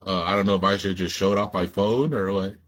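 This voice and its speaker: A man with a drawl chats casually on his own livestream, loose and profane as he talks straight to the viewers. His voice sits somewhat low. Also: fairly even intonation, fast talker. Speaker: livestream host.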